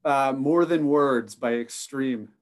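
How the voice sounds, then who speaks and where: A man's voice: mid-range voice, takes it slowly. A man chatting as a podcast guest, easygoing and joking. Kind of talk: casual interview chat.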